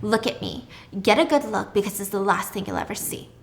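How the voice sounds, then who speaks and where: A woman's voice: medium pitch, animated, fairly quick, a little hiss or hum, lightly acted. A woman voicing an obsessive young female stalker who pleads in a breathless voice and turns icy. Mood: coldly menacing.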